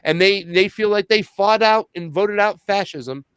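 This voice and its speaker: A man in casual chat, telling a story with lively quoted dialogue. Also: sits high, measured pace, clear, resonant tone, no echo. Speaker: podcast host and activist guest.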